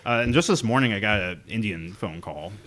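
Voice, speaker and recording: A man's voice: on the low side, lively intonation, a little fast, fairly bright tone, slight background noise. A man co-hosting a podcast in casual chat, telling rambling stories with chuckles. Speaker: podcast co-host.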